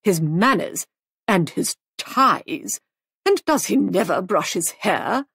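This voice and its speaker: A woman voicing a demanding older female guest who speaks in a haughty, cutting way, slow and clipped. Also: mid-range voice, expressive, fairly bright tone, slightly rough, dry recording, heavily acted.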